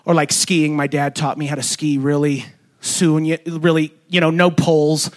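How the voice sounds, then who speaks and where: A young man preaching a sermon as pastor in a casual, conversational way, with fillers and self-corrections, sometimes jumping high to act out quoted voices. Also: level tone, moderate pace. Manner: acts out quoted voices in sudden high pitch. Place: church sanctuary.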